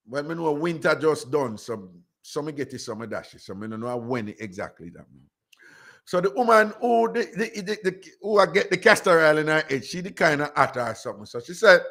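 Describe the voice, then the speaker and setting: Pitched fairly high, his voice sounds pushed and bright as this Jamaican-accented radio host rambles through a story. He speaks casual patois and says "you know" again and again.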